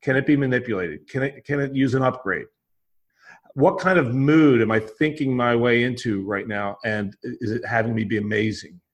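A man's voice: medium pitch, moderate pace. A man explaining a mindset method in an emphatic, conversational way, often acting out his own inner voice and checking in with "right?". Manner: emphatic, repetitive, acts out his own thoughts in quotes; frequent restarts and "right?" tags.

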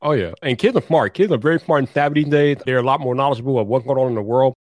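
A man in his forties hosting a podcast, talking in an energetic, emphatic, slangy way. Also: mid-range voice, very fast, no room sound, clean studio sound. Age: 40s. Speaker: podcast host. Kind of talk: casual podcast chat.

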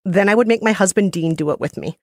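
A woman's voice: mid-range voice, fast talker, no room sound, clean studio sound. A woman co-hosting a chat show, telling stories in a playful, self-mocking way. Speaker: podcast co-host. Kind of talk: casual chat.

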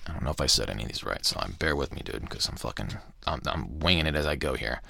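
A young adult man hosting a podcast, swearing constantly as he rants loudly about the news and then reads aloud from a book. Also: very deep voice, lively intonation, quick pace, creaky, no echo, clean studio sound. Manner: loud, swearing, shouting rants that drop to muttering. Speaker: podcast host. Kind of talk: profane ranting podcast talk and book reading.

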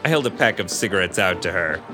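Animated male podcast reader. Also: sits low, fast, music in the background. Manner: animated, laughs often. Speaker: podcast co-host reading a novel aloud. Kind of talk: book reading with casual commentary.

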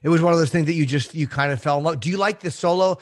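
A man's voice: on the high side, very fast, dry recording, clean studio sound. A man co-hosting an interview, asking long, winding, chatty questions. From United States. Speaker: co-host interviewer.

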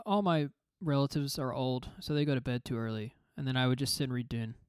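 A man chatting casually on a podcast, with a dry, deadpan and stubbornly insistent manner. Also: medium pitch, brisk, clean tone. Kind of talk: casual chat.

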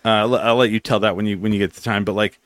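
A man's voice: fairly low pitch, fast, dry recording, studio quality. A man hosting a casual podcast, telling a long story full of swearing and acted-out quotes. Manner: profane, animated storyteller acting out quotes. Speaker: podcast host.

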